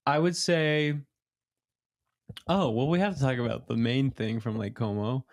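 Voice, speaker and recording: Young male podcast host, chatty and lively, laughs through his stories. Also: medium pitch, a little slow. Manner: animated storytelling, laughs often. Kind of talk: casual chat.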